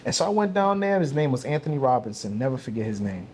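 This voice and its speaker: A man telling a story in a relaxed conversation, acting out other people's voices as he goes. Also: mid-range voice, quick pace, a little hiss or hum. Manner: animated, acts out voices in stories. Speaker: guest speaker. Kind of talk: casual storytelling.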